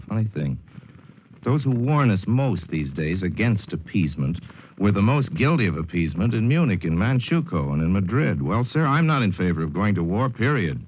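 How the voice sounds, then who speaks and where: A man's voice: deep voice, highs cut off. A man delivering a wry, theatrical scripted commentary on a 1940s radio broadcast.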